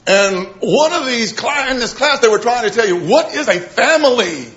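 Animated male preacher, lo-fi recording. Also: very high-pitched, moderate pace. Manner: animated, acts out quoted voices, drops to soft emphasis. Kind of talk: sermon.

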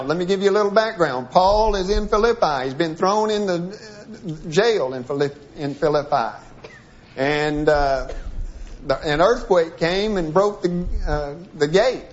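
High-voiced man teaching from the Bible. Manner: reads quoted article aloud, then breaks it down with restarts. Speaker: preacher. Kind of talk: sermon-style Bible teaching. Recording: dull lo-fi recording.

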